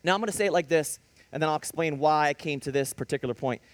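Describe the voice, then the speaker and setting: A male preacher delivering a lively sermon, telling stories and rising to sudden emphatic bursts. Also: on the high side, fast talker, dry recording. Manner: animated preaching with storytelling and sudden emphatic rises.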